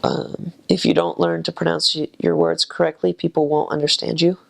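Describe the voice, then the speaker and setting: Young guy, really gravelly flat voice, kinda far from the mic. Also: on the high side, moderate pace. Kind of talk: casual chat.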